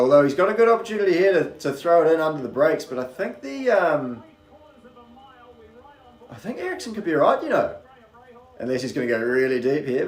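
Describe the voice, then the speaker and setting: Chatty live race commentary full of digressions comes from a man from New Zealand, his faint accent largely anglicized toward British. He speaks in a mid-range voice, and the room is echoey.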